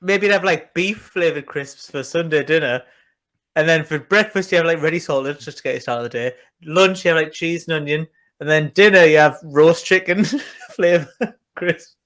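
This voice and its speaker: Wanted: a young British man, rambling comic storyteller with a fairly high voice, for a casual podcast. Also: normal speed, a bit bright. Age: young adult. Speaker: podcast co-host. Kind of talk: casual chat.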